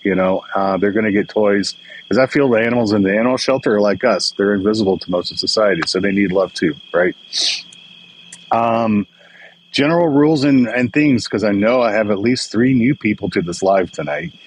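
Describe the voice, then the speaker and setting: On the low side and brisk, an older man's voice greets viewers by name during a casual, emotional live stream from indoors at home. A phone or webcam gives low-quality audio with a little hiss or hum, while crickets and insects chirp outside.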